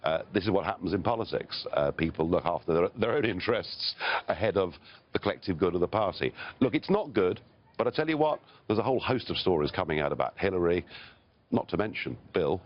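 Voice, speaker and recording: A man's voice: low voice, expressive, brisk, dull audio. An English man speaking as a political guest in a live TV interview, blunt and emphatic, chuckling between points. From Britain.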